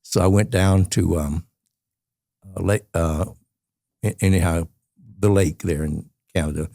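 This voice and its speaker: Laughing as he goes, a Georgia man in his eighties with a Southern US accent spins long rambling tales as a podcast guest in an interview. His low, dark voice is steady and a little slow, recorded at studio quality without echo.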